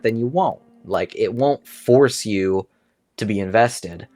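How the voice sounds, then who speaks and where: A tired man late at night in a casual chat, speaking in a reflective, measured way. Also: on the low side, faint music behind. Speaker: podcast guest.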